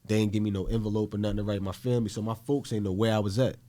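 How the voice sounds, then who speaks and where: A man's voice: fairly low pitch, steady tone, rapid-fire, dark tone. A man from Newark, New Jersey, a podcast guest telling a story in casual, blunt, profane talk and acting out the voices he quotes.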